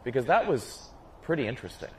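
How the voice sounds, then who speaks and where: A man in loose podcast banter, his voice swinging lively up and down. He teases and pokes with quick questions, over a faint hiss of room noise. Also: mid-range voice, poor audio. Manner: teasing, animated, quick questions. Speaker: podcast co-host. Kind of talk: casual chat among friends.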